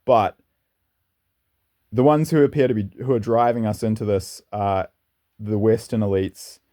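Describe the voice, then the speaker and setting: A man's voice: on the low side, steady tone, a little slow, dark tone. A man hosting his own channel, talking through his views in a rambling, earnest monologue. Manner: rambling, earnest, with some laughter. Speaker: channel host. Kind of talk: casual opinionated monologue.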